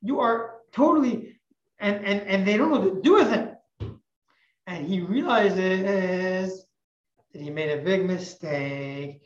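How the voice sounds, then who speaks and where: A woman teacher telling a religious parable in an animated, emphatic way, often repeating phrases. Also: on the low side, slow pace. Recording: echoey, muffled recording.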